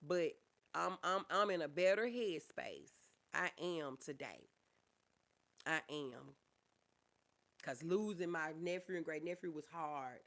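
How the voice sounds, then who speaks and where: Middle-aged woman livestreaming, chatting with viewers. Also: fairly low pitch. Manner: reads viewer comments aloud and answers them warmly; calls listeners honey and y'all. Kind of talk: casual livestream chat.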